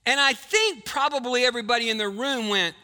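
A male pastor preaching a sermon to a live congregation, quizzing the people and switching between quick talk and slow emphasis. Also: very high voice, sharp tone, clean tone. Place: church before a live congregation.

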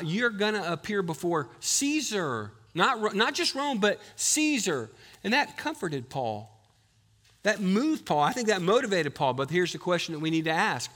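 A pastor preaching with a high voice. He pushes his points hard and calls on the congregation to answer aloud. His tone is bright and clear. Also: very animated, normal speed, long reverb tail. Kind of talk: sermon.

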